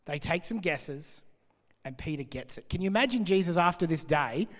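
A man preaching in a big hall, his voice trailing off in a long reverb. He speaks a little higher than most men and keeps a lively, conversational style as he explains scripture. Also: normal speed. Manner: conversational and animated, laughing between points. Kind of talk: sermon, reading and explaining scripture.

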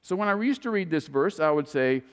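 A woman's voice: sits low, a little fast. A woman preaches with emphatic energy, swinging her voice up and down as she quotes scripture. She speaks in a large church hall, and a long echo trails every phrase. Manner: emphatic, animated, quotes scripture with dramatic rises and falls. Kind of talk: sermon.

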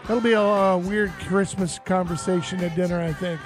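Upbeat high-voiced male radio host. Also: fairly even intonation, moderate pace, hardly any pauses, faint music behind. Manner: upbeat, laughing, reads sponsor plugs and phone number. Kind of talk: live outdoors radio talk show. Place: radio studio. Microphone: studio mic.

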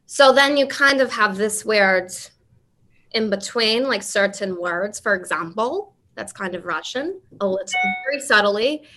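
A woman's voice: mid-range voice, animated, measured pace, sharp tone. A woman, an actress on a panel, answering casually. She rambles and restarts, and acts out voices as she explains.

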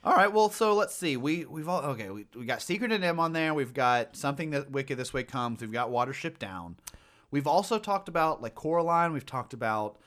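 With a slightly high, brisk voice, this man co-hosts a relaxed podcast conversation about horror movies. He's a lively storyteller who often uses fillers and starts sentences over.

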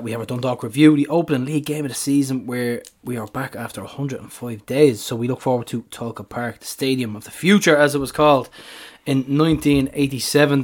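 A man co-hosting a podcast in a laid-back, jokey, rambling chat. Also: mid-range voice. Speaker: podcast co-host. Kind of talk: casual chat.

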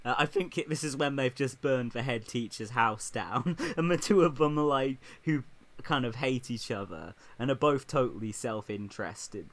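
A man's voice: mid-range voice, normal speed, fairly bright tone. A man chatting casually about a TV show, laughing often as he talks. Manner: laughs often, acts out quotes.

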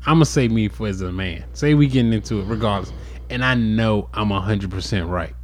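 A man co-hosting a casual chat, animated and playful, acting out quoted lines as he talks. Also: fairly low pitch, brisk, a little hiss or hum. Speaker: podcast co-host; father of boys.

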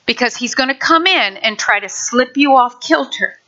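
A woman pastor preaching a sermon in a lively, conversational way with playful asides to her congregation. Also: on the high side, normal speed, muffled recording. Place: church sanctuary.

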